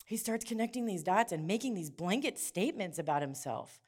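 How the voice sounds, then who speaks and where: A middle-aged woman preaching in church, telling a lively personal story and acting out the dialogue in hushed and excited voices. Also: medium pitch, a little fast. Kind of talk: sermon with storytelling.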